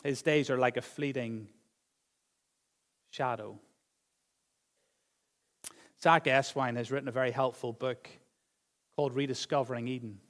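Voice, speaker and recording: A man preaching a sermon as pastor, moving between raised, emphatic phrases and quiet, low asides. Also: long reverb tail.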